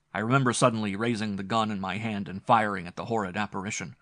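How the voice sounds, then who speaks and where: A man reading a Victorian ghost story aloud in a measured, dramatic manner. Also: fairly low pitch, a bit bright, no room sound, clean studio sound. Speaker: narrator.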